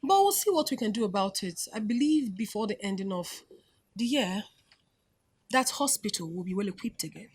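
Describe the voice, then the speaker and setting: A woman's voice: mid-range voice, normal speed, husky. An actress playing a composed woman president who reassures people, speaking with a Nigerian accent. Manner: calm and reassuring.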